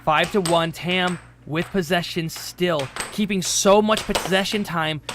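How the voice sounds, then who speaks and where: A man's voice: sits high, steady tone, a little slow. A man doing casual play-by-play commentary for an air hockey livestream, reading out chat messages and laughing easily. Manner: chatty, reads chat aloud, laughs easily. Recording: noisy room.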